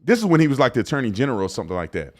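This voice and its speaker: A man hosting a casual commentary show, talking in an animated, slangy way that climbs to excited emphasis. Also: mid-range voice, rapid-fire.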